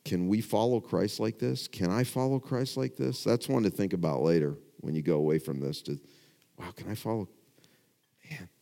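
A middle-aged man preaching a sermon to a congregation, swinging from hushed, quiet lines to rising, emphatic questions. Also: medium pitch, lively intonation, moderate pace. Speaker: pastor. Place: church before a congregation.

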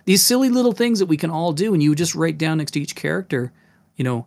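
Speaking fast with a slightly high voice and some vocal fry, this game master hosts a relaxed podcast on running tabletop games. He's animated and demonstrative, dropping into voices as he talks.

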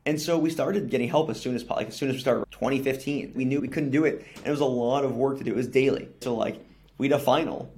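Young man, gravelly voice, mid pitch, businesslike, podcast guest, tags points with "right?". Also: fast talker, a little mellow. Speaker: newsletter company CEO, guest. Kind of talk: podcast interview answers.

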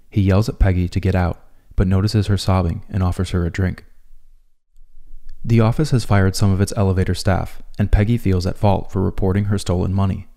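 A man narrating a scripted video essay in a calm, measured way. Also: sits low, creaky.

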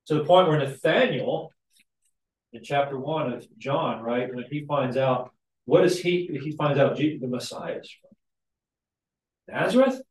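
A man teaching a Sunday school class in a conversational way, often checking in with the group with tag questions and lively asides. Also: medium pitch, unhurried, long pauses. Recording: echoey room, mic at a distance.

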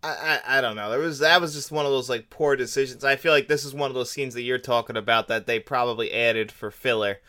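A man's voice: medium pitch, fast, few pauses, sharp tone. A man co-hosting a casual film review podcast, chatty and easygoing. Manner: chatty, lots of fillers and laughs. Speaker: podcast co-host.

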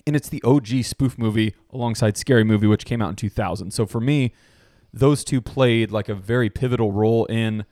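A man in a dry, close-miked casual talk, telling his friends about a favorite film. He slips into high, lively voices to quote the characters and keeps laughing between lines. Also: brisk, hardly any pauses, no room sound. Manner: animated, acts out movie quotes with laughter. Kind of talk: casual movie chat.

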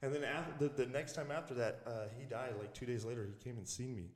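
A man's voice: mid-range voice, steady tone, fast talker. Cursing man telling stories in echoey room. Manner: profane, mumbly storytelling. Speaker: podcast co-host. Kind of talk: casual chat. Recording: echoey room with long reverb.

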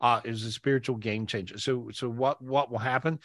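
A man's voice: mid-range voice, steady tone, fairly quick, a bit bright, no echo, clean studio sound. A man hosting a live spiritual podcast on a video call, talking in an effusive, affectionate, joking way.

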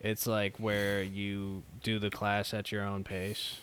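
A young man with a smooth, resonant voice and a lowish pitch, chatting in a relaxed, laid-back way. He pauses often on fillers as he goes, easygoing rather than polished. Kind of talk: casual chat.

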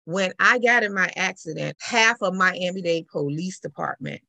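A middle-aged woman tells her own story as an interview guest. Her voice sits low and gravelly, and it is recorded dry and close. She talks in an animated way. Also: normal speed, no room sound. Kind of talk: personal account in conversation.

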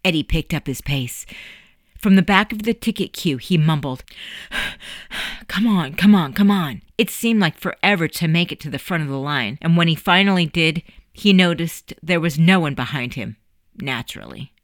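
A woman with a low voice reads a historical story podcast in a measured, earnest way. She sits close to the mic in a dry, dead room with no echo. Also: animated. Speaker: podcast narrator and host. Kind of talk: scripted narration.

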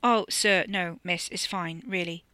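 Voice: medium pitch, fairly even intonation, measured pace, bright, forceful tone, clean tone, no room sound. The author reading a novella aloud, voicing a nervous, apologetic young male chauffeur who sounds close to tears.

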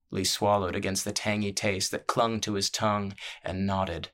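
A male narrator reading a fantasy serial with a low voice. His delivery is measured and steady, with very little rise and fall, keeping an even storytelling tone throughout.

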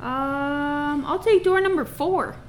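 A woman's voice: sits high, slow, slight background noise. A woman playing a fairy character in a tabletop game, bubbly and playful. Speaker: player.

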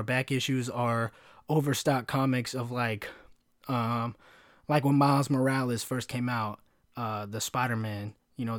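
A man's voice: medium pitch, dry recording, studio quality. A young man hosting a solo podcast, rambling through stories with frequent laughs and acting out the voices of people he quotes. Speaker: podcast host. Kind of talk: casual solo podcast storytelling.

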